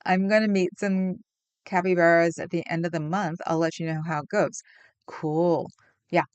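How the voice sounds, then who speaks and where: A woman's voice: on the low side, a little mellow, smooth, no room sound, highs cut off. A woman live streamer chatting casually with her viewers in a rambling way, laughing often and reacting to the chat.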